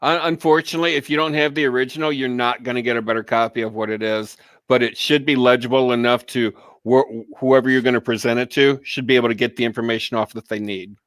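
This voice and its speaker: Male co-host, smooth voice, dry recording, rambling casual chat. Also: medium pitch, fairly even intonation, fast talker, hardly any pauses, a bit bright, no echo. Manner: rambling and profane, many false starts.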